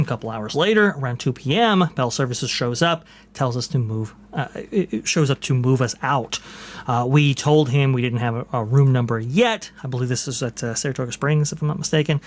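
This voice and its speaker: A man with a mid-range voice hosts a casual podcast at a fairly quick clip, reading posts aloud and chatting. He's chatty and full of fillers, and he keeps repeating "right here."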